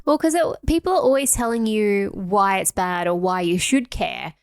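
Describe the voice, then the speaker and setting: A young woman co-hosts a podcast in chatty, casual conversation, laughing easily and filling her speech with "like." Her medium-pitched voice is clear and resonant at a moderate pace, captured in clean studio sound with no room noise.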